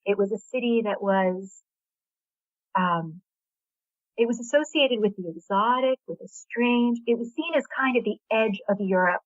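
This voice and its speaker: A woman's voice: medium pitch, a little slow, no echo. A middle-aged woman born in Hungary with an American accent, chatting enthusiastically as a novelist guest in an interview. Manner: chatty, enthusiastic, with small laughs. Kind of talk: casual interview chat. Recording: tinny dry phone line.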